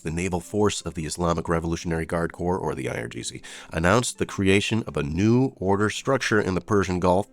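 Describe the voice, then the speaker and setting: A man reading out daily headlines and breaking off into sarcastic, informal asides as a news commentator. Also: sits low. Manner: reads headlines then adds sarcastic asides.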